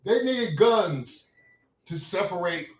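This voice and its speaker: An older man, telling rambling, animated anecdotes in casual chat as a show host. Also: sits high, takes it slowly. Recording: echoey room.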